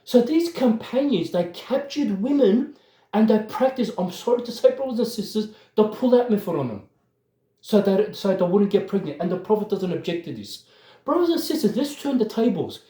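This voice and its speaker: Worked-up man with a high voice in an echoey room. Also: animated, normal speed, dark tone. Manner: emphatic, worked up, repeatedly addressing listeners. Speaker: religious commentator. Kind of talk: impassioned religious commentary.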